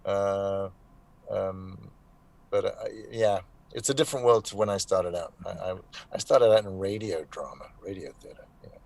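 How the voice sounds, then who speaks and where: A man's voice: sits low, normal speed, vocal fry, a little mellow, no echo. A man in his sixties from South Africa, a voice actor chatting as a guest over a video call, rambling with many fillers and restarts, wry and frank. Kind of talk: casual live interview chat.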